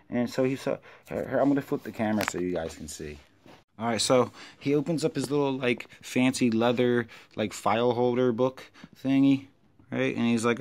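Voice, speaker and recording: A man casually telling a story to camera, with loose, filler-heavy slang, who gets louder and higher when he quotes himself. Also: normal speed. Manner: animated, rises when quoting himself. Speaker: vlogger recounting an encounter.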